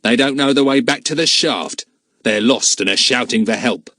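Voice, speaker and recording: A man's voice: mid-range voice, normal speed, sharp tone, dry recording. A calculating villain in a children's adventure story, read by a male narrator. He speaks plainly and coldly. His voice stays close to the narrator's own. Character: cold calculating grown man, a villain.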